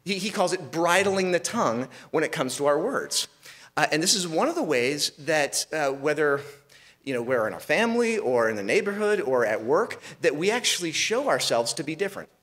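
A man's voice: a little high, very animated, moderate pace, a bit bright. A man preaching a sermon as pastor, asking rhetorical questions and restarting phrases as he goes.

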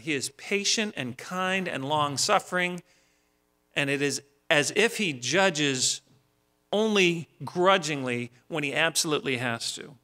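A man's voice: a little high, sharp tone. A male pastor preaching a sermon in a homely, storytelling way, often repeating words as he starts a phrase.

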